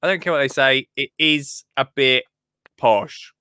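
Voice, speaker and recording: A man's voice: mid-range voice, measured pace, sharp tone, dry recording, studio quality. A man hosting a casual chat, joking around, laughing often and drifting into little rants. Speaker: podcast host.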